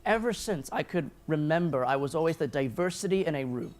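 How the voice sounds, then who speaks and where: A man's voice: on the high side, animated, brisk, a little mellow. Earnest man giving a keynote. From grew up in Taiwan, New Zealand and the United States. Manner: earnest, personal, self-deprecating storytelling. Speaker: keynote speaker. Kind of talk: keynote speech. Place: event hall at a lunch gathering.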